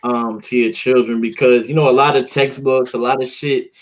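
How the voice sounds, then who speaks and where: A man's voice: mid-range voice, fairly even intonation, moderate pace, poor audio. A man hosting a podcast, chatting loosely and animatedly, swearing freely and calling people "bro". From United States. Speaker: podcast host. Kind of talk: casual chat.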